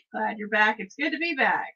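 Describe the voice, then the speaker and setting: A woman co-hosting a radio morning show in casual banter, teasing and quick to laugh, greeting listeners by name. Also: medium pitch, lively intonation, bright, forceful tone, slightly rough. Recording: muffled lo-fi live stream audio.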